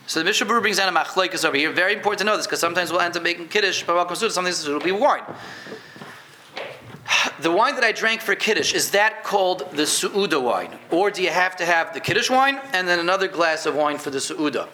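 Man, high-pitched, rabbi giving a chatty live class, stumbles and checks the room understands. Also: expressive, fast, pushed and bright, slight background noise. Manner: conversational, repeats words, quizzes listeners. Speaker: rabbi teaching Jewish law. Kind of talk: informal halacha class.

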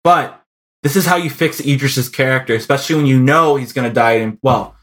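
A man's voice: medium pitch, brisk, a bit bright, a little hiss or hum. A young man co-hosting a podcast, chatting casually and acting out quotes in put-on voices. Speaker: podcast co-host.

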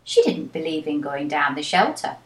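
Woman reading a sure-voiced dad from wartime, speaking with settled authority, fairly low and even. The sound carries a clear echo from the room around her. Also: normal speed. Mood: matter-of-fact. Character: wartime northern father, calm, authoritative. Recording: echoey room.

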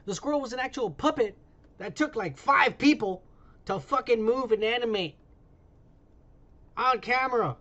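A man's voice: extremely high pitch, normal speed, pauses often, sharp tone, highs cut off. A man co-hosting a podcast in casual, profane chat, reading quotes aloud and swearing freely. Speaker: podcast co-host.

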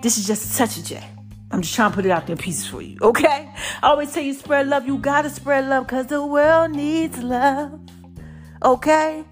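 Slightly breathless and high-pitched, this podcast host from Brooklyn keeps her motivational show casual, mixing preachy pep talk with chatter and bits of singing. She speaks at normal speed with faint music behind her.

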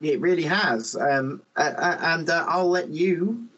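A man with an English accent hosting a casual podcast. His voice is a little high for a man. He jokes sarcastically and swears freely. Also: a little slow, fairly bright tone, lo-fi sound. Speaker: podcast host. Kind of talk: casual chat.

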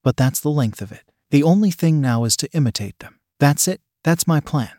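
A man's voice: a little high, lively intonation, moderate pace, warm tone, no echo, clean studio sound, natural voice. A man voicing a shy, eager young woman in a read-aloud story, in his own plain voice with a coy manner.

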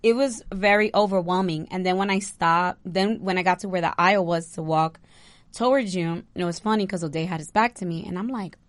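A young woman, a bride, chatting casually and telling an animated story with lots of "like". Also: fairly low pitch, a little fast, no echo. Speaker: bride recounting her wedding. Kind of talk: casual chat.

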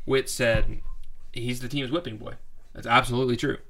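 A man co-hosting a casual sports podcast, opinionated and emphatic, and quick to laugh. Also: mid-range voice, steady tone, sharp tone. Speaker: podcast co-host.

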